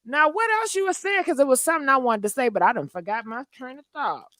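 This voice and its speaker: A high-pitched woman hosts a call-in show, talking in a sassy, profane way with frequent laughs. Her voice sits close and dry, with no room around it. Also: lively intonation, quick pace, fairly bright tone, no room sound. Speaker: talk show host. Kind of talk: casual call-in chat.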